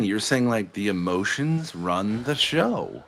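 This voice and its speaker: A man's voice: fairly low pitch, very animated, slow pace, creaky. A man in a heated argument on a live stream, blunt, confrontational and swearing freely.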